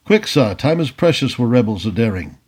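A man voicing a gruff, impatient cavalry colonel who barks short questions in an audiobook. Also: mid-range voice, big pitch swings, brisk. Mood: curt. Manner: loud, curt, barking questions.

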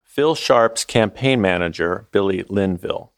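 A man narrating a documentary as its host, in a measured, scripted delivery. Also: on the low side, no echo, studio quality.

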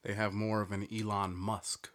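A man's voice: fairly low pitch, little pitch movement, moderate pace, fairly bright tone. A man co-hosting a podcast, telling jokes in a loose, laughing, casual chat. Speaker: podcast co-host.

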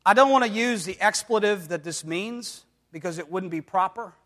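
An adult male pastor with a high-pitched, somewhat bright voice preaches at a moderate pace in a reverberant hall. His delivery is emphatic, and he keeps asking the congregation whether they follow him, call-and-response style, while acting out quoted voices in dramatic bursts.

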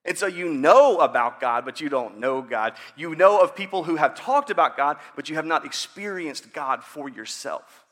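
A man's voice: fairly high pitch, animated, normal speed, few pauses, fairly bright tone. A man in his thirties preaching a sermon in a conversational, joking way, acting out prayers. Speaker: pastor.

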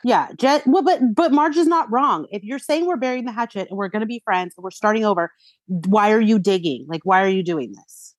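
A woman co-hosting a podcast, chatting casually about a reality show and reacting quickly and animatedly. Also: medium pitch, lively intonation, dry recording. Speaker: podcast co-host.

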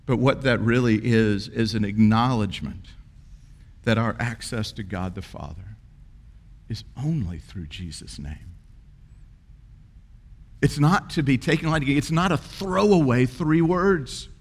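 A middle-aged man preaches to his church, his voice sitting at an ordinary middle pitch. He tells stories earnestly and leans hard into his key lines. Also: measured pace, pauses often. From South Carolina, USA. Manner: earnest, storytelling, rising to emphatic peaks. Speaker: pastor. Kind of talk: sermon.

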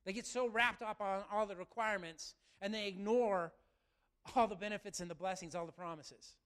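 A man preaching a sermon to his church, animated and talking straight to the congregation. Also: sits high, normal speed, smooth. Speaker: pastor.

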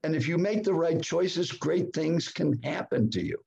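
Animated older man telling a story. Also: moderate pace, vocal fry, dull audio. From United States. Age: 70s. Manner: animated, dramatic pitch swings. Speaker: guest speaker. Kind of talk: storytelling in a podcast interview.

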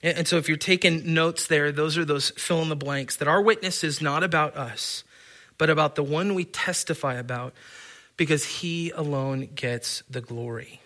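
A man's voice: fairly high pitch, normal speed, pushed and bright. A man preaching a sermon in an earnest, emphatic way, often stammering and restarting his phrases. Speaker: pastor.

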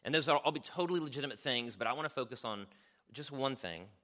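A man preaching a sermon as a pastor, earnest and conversational, often checking in with the congregation and sometimes dropping to a hushed near-whisper for emphasis. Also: medium pitch, expressive, quick pace. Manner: earnest, conversational preaching with frequent "right?" asides.

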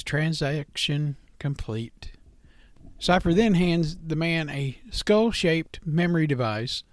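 A man's voice: fairly high pitch, no room sound, studio quality. A man narrating a story aloud in a plain, unpolished reading style with small stumbles.

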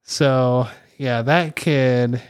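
Man co-host, casual chat, easygoing recaps; mid pitch, dry. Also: steady tone, drawn-out words, smooth, dry recording. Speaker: podcast co-host.

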